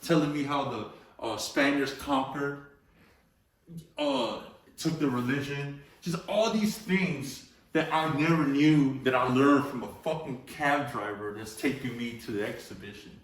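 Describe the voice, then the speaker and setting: This interview guest is a graffiti artist out of Los Angeles who swears freely and peppers his casual storytelling with "bro" and "you know." He speaks at a measured pace in a medium-pitched male voice, captured by a far-off mic in a room with plenty of echo.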